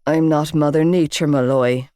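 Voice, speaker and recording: A woman voicing a hungover young man who drawls lazily and teases in a hoarse voice. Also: low-pitched, steady tone, moderate pace, mellow, no echo, studio quality, voice pushed down, close to an everyday voice. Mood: lazy. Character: hungover young Irish man, lazy, teasing.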